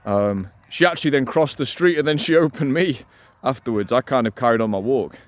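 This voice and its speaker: A man coaching listeners on voice and delivery, energetic and emphatic, repeating his key points and slowing down to demonstrate. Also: no echo. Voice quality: resonant voice. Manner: deliberately slows and lowers voice to demonstrate. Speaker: dating coach. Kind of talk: instructional talk to camera.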